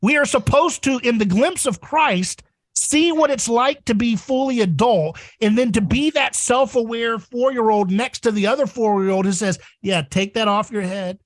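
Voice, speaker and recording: A man hosting a casual podcast discussion, talking in a rambling, animated way. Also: normal speed, dry recording. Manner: rambling and animated, acts out voices in shrill squeals. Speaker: podcast host.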